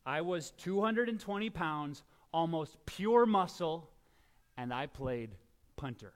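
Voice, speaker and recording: A middle-aged man delivering a sermon as pastor. His voice sits high, and he swings from hushed, low asides to loud, emphatic shouts. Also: expressive, slow.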